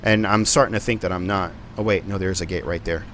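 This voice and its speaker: A man's voice: sits low, steady tone, quick pace, a bit bright, slight background noise. A man giving live stream commentary on a flight simulator, rambling and thinking aloud with plenty of ums and uhs.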